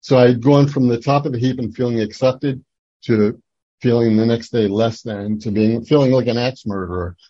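An older man tells his own story at a recovery meeting, stopping and restarting with many fillers as he goes. His voice is mellow and husky. The recording is dry and slightly muffled. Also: mid-range voice, fairly even intonation, moderate pace, no room sound. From Atlantic City, New Jersey. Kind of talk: personal testimony talk.

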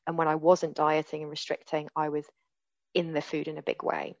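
This woman, in her forties, talks fairly fast in a low, completely flat voice as she tells her recovery story candidly and earnestly, often restarting sentences. The lo-fi sound has no echo.

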